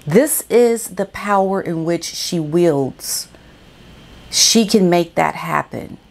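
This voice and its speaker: A woman vlogger giving casual, animated commentary and talking straight to her viewers. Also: on the low side, slow pace, gravelly.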